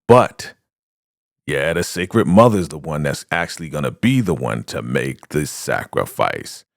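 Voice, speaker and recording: A man's voice: extremely low pitch, measured pace, gravelly, no echo, studio quality. A man giving a casual TV episode recap into a podcast microphone, retelling the scenes and acting them out. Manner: animated retelling that acts out the scenes. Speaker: TV recap vlogger. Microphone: studio podcast microphone.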